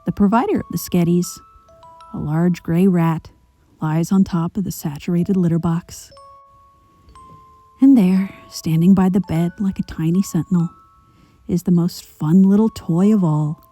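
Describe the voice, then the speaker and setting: A woman reading a dark fan story aloud, measured and at times hushed to a whisper. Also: on the low side, faint music behind. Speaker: narrator.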